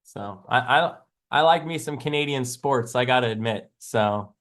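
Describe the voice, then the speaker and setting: A man's voice: medium pitch, moderate pace, fairly bright tone. A man hosting a live trading stream, chatting casually in a rambling, jokey way and laughing often. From American South. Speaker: live trading show host.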